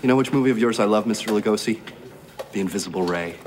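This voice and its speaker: Dude playing a starstruck fan, low voice, all polite and fawning, noisy old film audio. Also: male voice, fast talker, darkish tone, natural voice. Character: eager young male fan seeking an autograph.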